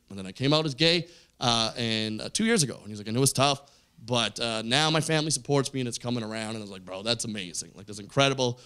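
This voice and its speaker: A man doing a stand-up set on a club stage, telling a story with lively character voices. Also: mid-range voice, clean tone. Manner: animated storytelling, acts out characters. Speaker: stand-up comedian. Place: comedy club stage with audience.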